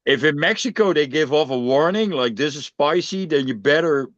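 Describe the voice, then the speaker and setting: A man's voice: fairly high pitch, animated, normal speed, fairly bright tone, no room sound. A man with a Dutch accent chatting casually on a podcast, laid-back and laughing easily. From Netherlands. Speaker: podcast co-host. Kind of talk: casual chat. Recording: dull dry lo-fi sound.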